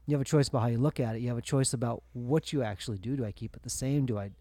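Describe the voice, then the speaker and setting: A man riffs on his podcast in a loose, rambling way, piling up fillers as he thinks. His voice is warm and mellow, and the recording is dry and close. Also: medium pitch, very fast, no echo. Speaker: podcast co-host. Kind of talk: casual podcast chat.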